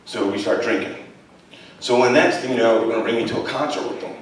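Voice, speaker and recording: A man's voice: mid-range voice, quick pace, distant mic. A man in his thirties speaks from a stage in a big college theater. He tells his story bluntly, with plenty of swearing and conversational asides to the audience. His voice rings with heavy reverb, sounds set well back from the mic, and has a faint hiss under it. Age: 30s. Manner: blunt, profane, conversational, keeps checking in with "right?". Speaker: guest speaker. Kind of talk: storytelling talk to a live audience. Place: large college theater, in front of a full house.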